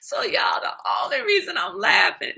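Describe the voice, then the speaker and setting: A middle-aged woman hosting a casual live-stream talk, animated and laughing often. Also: extremely high pitch, moderate pace, vocal fry, raised voice.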